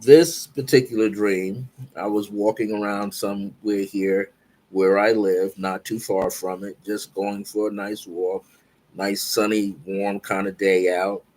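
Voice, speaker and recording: Slow, earnest man telling a spiritual dream. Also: lowish voice, flat delivery, a little mellow. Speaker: guest speaker. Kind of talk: spiritual storytelling.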